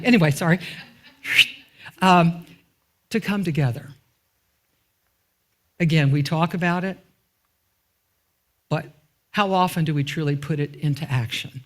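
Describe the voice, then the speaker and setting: A woman's voice: deep voice, unhurried, long pauses. Chatty woman minister preaching. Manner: asks the congregation rhetorical questions and waits for answers; informal and chatty, with asides. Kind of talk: conversational sermon. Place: church sanctuary.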